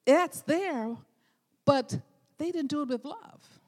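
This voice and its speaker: A woman with a high voice preaches a sermon, earnest and emphatic, circling back over her key words. Her voice rings with the long reverb of a church hall. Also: slow pace, darkish tone.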